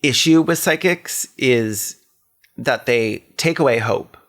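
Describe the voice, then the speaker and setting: A man's voice: mid-range voice, slow pace, fairly bright tone. A man with a mid-range voice reads a first-person memoir aloud with earnest feeling. Elsewhere he chats loosely on a podcast, rambling and swearing a little. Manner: earnest, emotional reading; rambling, profane chat. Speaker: podcast co-host. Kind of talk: reading a memoir aloud, then casual chat.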